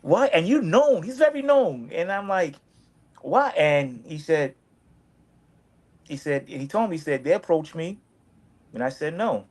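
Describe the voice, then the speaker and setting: A man with a slightly high voice tells a rambling personal story in loose, casual talk. He circles back on his points and jumps into animated quoted dialogue, his voice climbing when he plays the other people. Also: unhurried, long pauses.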